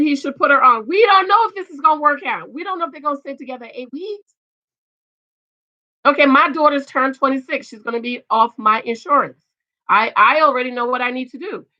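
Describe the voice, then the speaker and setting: Loud, emphatic middle-aged woman vlogger. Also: fairly high pitch, highs cut off. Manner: loud, emphatic, talks back to viewers. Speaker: vlogger reviewing a reality show. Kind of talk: casual commentary reading comments.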